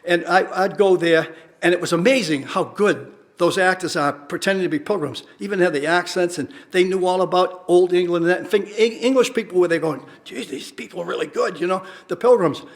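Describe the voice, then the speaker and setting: An older man, a retired teacher and researcher, rambling through wry stories and drawing out his punchlines. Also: high-pitched. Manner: wry storyteller, drawn-out punchlines. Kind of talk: rambling anecdotal talk.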